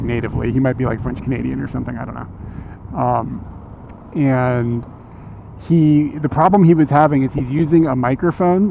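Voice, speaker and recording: A man's voice: medium pitch, gravelly, background noise. A man streaming live outdoors on a city street, telling a story in a laid-back, chatty way and laughing often. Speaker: IRL streamer. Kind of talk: casual storytelling on a walk.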